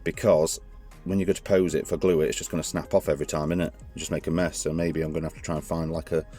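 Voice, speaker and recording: Deep-voiced man, chatty and rambling. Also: level tone, quick pace, mellow, soft background music. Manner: chatty, rambling, self-correcting. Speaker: toy reviewer. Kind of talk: casual hands-on review.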